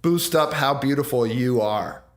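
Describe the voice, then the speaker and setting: A man's voice: mid-range voice, a little slow. A man co-hosting a podcast, chatting casually and eagerly building silly hypothetical stories. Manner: enthusiastic, spins out joking hypotheticals. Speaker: podcast co-host. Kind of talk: casual comedic chat.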